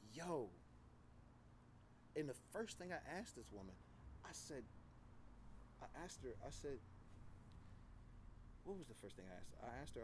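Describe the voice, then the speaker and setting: A man's voice: medium pitch, a little mellow, a little hiss or hum, rough recording. A man talking as a podcast guest, telling candid, profane stories in a loose, casual way. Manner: loose, conversational, frequent "like" and "you know".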